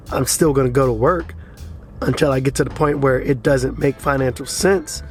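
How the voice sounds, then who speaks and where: A crypto vlogger with a mid-range voice rants casually to camera, frustrated and blunt, swearing freely and repeatedly urging his viewers.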